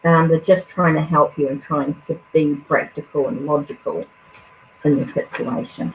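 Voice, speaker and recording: A woman's voice: sits low, steady tone, normal speed. A woman reading tarot cards on a live stream, talking in a hesitant, musing way with many fillers and restarts. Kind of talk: live card reading, casual. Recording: dull lo-fi stream audio with faint noise.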